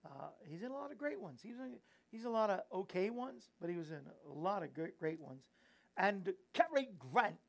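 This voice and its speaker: A man's voice: sits high, big pitch swings, a little fast, creaky, few pauses. A man hosts a casual Christian talk show. He rambles, giggles at his own slips and pokes fun at himself. He shifts into earnest, preachy exhortation. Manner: rambling, giggly, self-mocking. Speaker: host and evangelist.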